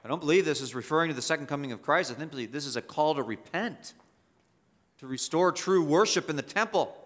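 A man's voice: on the high side, lively intonation, brisk, fairly bright tone. A male pastor preaching an expository sermon, emphatic and repetitive, rising sharply to stress key points.

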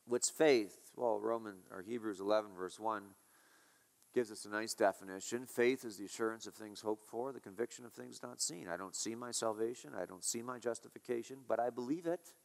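A man's voice: lowish voice, fairly quick, creaky. A male pastor preaching a sermon, emphatic and repetitive, asking his listeners rhetorical questions.

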